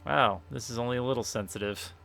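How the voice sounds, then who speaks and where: A man's voice: mid-range voice, fast, vocal fry, sharp tone. A man casually commenting on a game as he plays, rambling and correcting himself while reading the game's questions aloud. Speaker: streamer playing a game. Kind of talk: casual let's-play commentary. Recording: faint game music behind.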